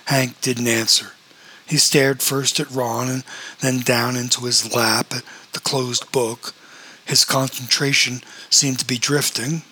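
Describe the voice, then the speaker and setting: A man narrating a novel as an audiobook, in a steady storytelling manner. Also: mid-range voice, unhurried, husky, poor audio.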